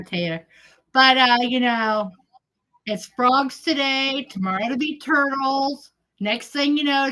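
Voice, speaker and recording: Woman, livestream host, casual heckling chat, giggly, higher voice. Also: bright, forceful tone.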